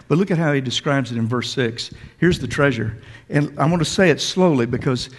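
A man's voice: a little high, vocal fry. A man preaching a sermon to a congregation in a church, emphatic and repetitive, talking straight to his listeners. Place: church sanctuary. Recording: long hall reverb.

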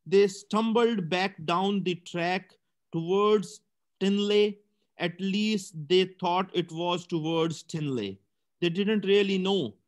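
A man's voice: sits high, slow pace. A male teacher reading a story aloud for a comprehension lesson, stumbling now and then and correcting himself.

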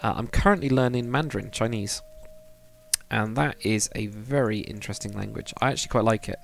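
A young man with a fairly low, creaky voice talks briskly on a live stream while building in a game. He chats casually, rambles, and reads viewer comments aloud.

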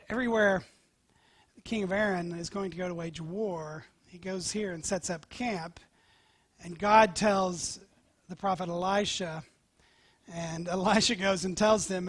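A male pastor preaching a sermon, telling scripture stories with animated swings from loud to whispered. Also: high voice. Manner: animated storytelling, dropping to near-whispers.

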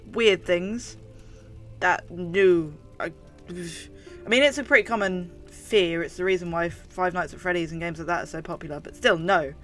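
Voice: medium pitch, fairly bright tone. A gamer with a London accent and a slight lisp, commenting on a horror game in a chatty, jumpy way, swearing often. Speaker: gaming video host. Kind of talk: let's play commentary.

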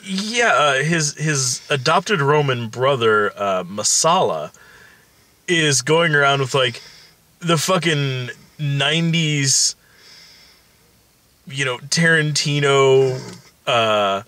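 A man's voice: medium pitch, lively intonation, slow, pushed and bright, dry recording. A man co-hosting a casual film review, rambling with lots of fillers and casual swearing.

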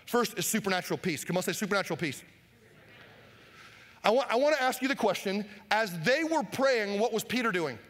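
A pastor preaching a sermon, animated, acting out Bible scenes and shouting for emphasis. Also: male voice, sits high, fairly quick. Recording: long hall reverb.

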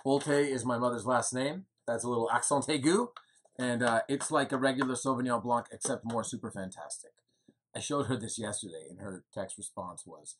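A winery co-owner in his thirties gives a chatty, rambling video update indoors at home in the evening, full of fillers and self-deprecating jokes. His mid-range voice is husky and moves at normal speed.

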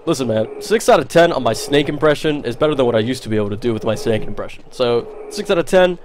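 A man's voice: mid-range voice, expressive, quick pace, a little hiss or hum. A man streaming a first-person shooter, joking and talking back to the characters on screen. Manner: jokey, talks to the game characters. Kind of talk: live gameplay commentary.

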